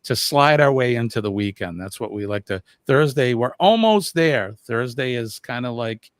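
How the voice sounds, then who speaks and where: Lively male co-host, jokey banter, dry close-miked sound, medium voice. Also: mid-range voice, smooth, no room sound. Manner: lively, laughs often, drawn-out banter. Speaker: livestream co-host. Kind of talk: casual chat.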